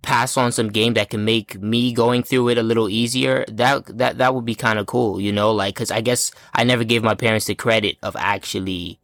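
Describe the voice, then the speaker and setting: A young man co-hosting a podcast who rambles along casually and says "bro". His voice sits at an ordinary pitch and sounds dry and close, with no room around it. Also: normal speed, hardly any pauses, no echo. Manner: relaxed, rambling, calls people "bro". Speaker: podcast co-host. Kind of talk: casual chat.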